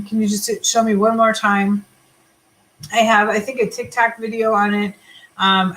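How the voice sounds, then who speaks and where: A woman's voice: medium pitch, fairly bright tone, slight background noise, poor audio. A woman hosting a casual live chat with her sales team, telling stories and answering viewer comments. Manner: chatty, storytelling, reads viewer comments aloud.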